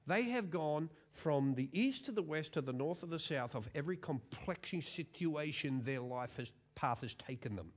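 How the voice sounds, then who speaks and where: A man's voice: fairly high pitch, animated, moderate pace, few pauses. A man in his forties, preaching a sermon in a chatty, self-mocking storytelling way.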